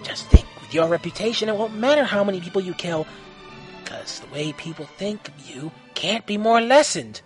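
In an amateur audio story with soft background music, a man with a high, animated voice plays a sly, maniacal male fox clown villain. At normal speed, he sneers and wheedles, sometimes slipping into a whisper.

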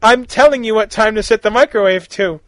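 Man voicing a grumpy teen heroine, curt retorts, high voice, dry close sound. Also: fairly quick, fairly bright tone, no room sound. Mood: puzzled. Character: sulky grieving teen girl superhero. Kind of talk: fan fiction reading.

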